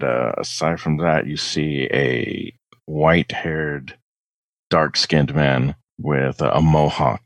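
Very deep-voiced man describing his character. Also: dry recording. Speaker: player.

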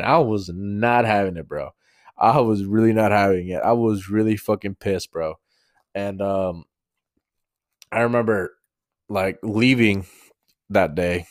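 A man's voice: lowish voice, dry recording, clean studio sound. A young man hosting a podcast, telling a work story in a rambling, casual way, swearing often and correcting himself mid-sentence. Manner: rambling, profane, restarts and self-corrections. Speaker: podcast host. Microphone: mouth-close microphone.

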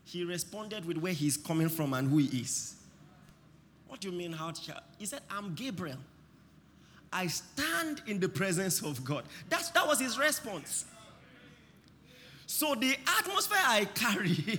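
A man preaching a sermon, impassioned, breaking into shouts and having the congregation repeat lines after him. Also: sits high, big pitch swings, moderate pace, big-room sound, a little hiss or hum.

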